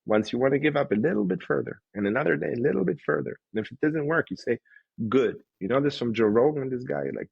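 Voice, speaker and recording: A man being interviewed as an investor, telling emotional, animated stories and acting out quotes. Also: mid-range voice, fast talker, creaky, slightly rough, dry recording, highs cut off. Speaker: guest investor. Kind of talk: candid interview talk.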